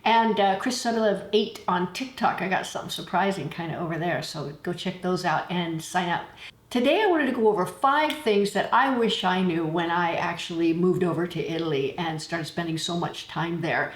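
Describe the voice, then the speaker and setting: Woman, travel vlogger, casual anecdotal chat, lowish voice, roomy echo. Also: moderate pace. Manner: chatty, anecdotal, laughs while telling stories. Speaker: travel channel host. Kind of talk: casual talking-to-camera vlog. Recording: echoey room.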